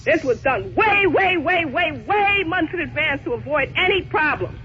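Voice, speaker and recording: A woman's voice: high-pitched, animated, moderate pace, pushed and bright, a little hiss or hum. A woman on a phone call, indignant and stubborn, repeating herself again and again. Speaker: prank call target. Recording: muffled phone line.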